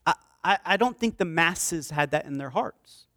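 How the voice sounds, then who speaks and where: A man preaching a sermon with passion, swinging from loud declarations to hushed, pleading prayer. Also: on the high side, animated, normal speed, no echo, studio quality. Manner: impassioned preaching, swinging from shouts to hushed pleas. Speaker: pastor.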